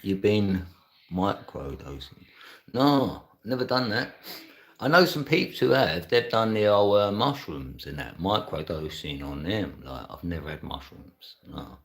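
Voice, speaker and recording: A man's voice: low-pitched, very animated, unhurried, fairly bright tone. A middle-aged man, chatting casually and laughing often as a livestreamer reads and answers his chat. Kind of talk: casual live stream chat.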